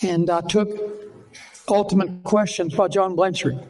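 A man's voice: sits high, fairly even intonation, measured pace, darkish tone, rough recording. An older man from Texas with a Texan accent, a pastor telling stories in a folksy, earnest sermon style, acting out the dialogue.

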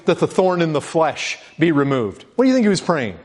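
A middle-aged man gives a sermon in a voice pitched a bit high for a man. He talks it through in a loose, conversational way, often restarting and repeating words. When he reads scripture aloud he presses it with rising urgency. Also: big pitch swings, a little fast, few pauses, darkish tone. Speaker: pastor.

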